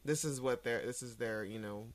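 A woman's voice: rumbling low, normal speed. A woman co-hosting a podcast in casual chat, retelling scenes animatedly and laughing often. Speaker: podcast co-host.

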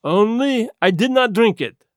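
Placid, fussy little detective, gentle lecturing delivery, lively intonation, voiced by a man. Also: high-pitched, measured pace, no echo, studio quality, pitched above the performer's own voice. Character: small fussy male detective, placid and self-assured.

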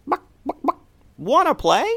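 Man doing clucking chickens, squeaky, very high, loud, eager. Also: big pitch swings, a little slow, exaggerated voice. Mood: chirpy. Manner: high-pitched, chirpy.

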